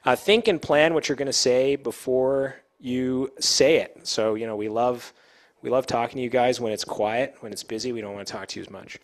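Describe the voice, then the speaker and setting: A man who works as an air traffic controller, giving a casual, fast-paced talk to pilots with plenty of fillers and restarts. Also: mid-range voice. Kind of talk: informal safety talk to pilots.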